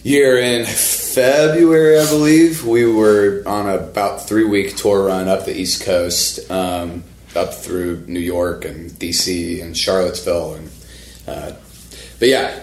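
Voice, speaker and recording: Laid-back man, low voice. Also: measured pace, echoey room, a little hiss or hum. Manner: laid-back storytelling, profane. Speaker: touring musician. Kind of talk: casual podcast chat.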